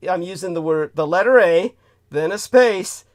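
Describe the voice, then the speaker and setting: Slightly high-voiced guy hosting a talk show, scornful, gets loud when making a point. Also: lively intonation, normal speed. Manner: emphatic, scornful, loud bursts. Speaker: host. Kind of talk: casual monologue and chat.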